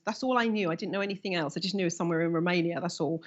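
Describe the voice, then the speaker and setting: A woman in her fifties giving a live talk as a workshop teacher, telling lively stories and acting out the voices of the people in them. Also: lowish voice, racing, few pauses, muffled recording. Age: 50s. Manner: animated storyteller who acts out quoted voices.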